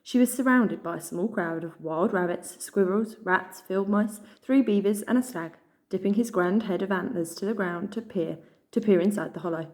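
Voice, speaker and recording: A woman reading a children's novel aloud in a measured storytelling manner. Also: mid-range voice, darkish tone. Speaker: reader.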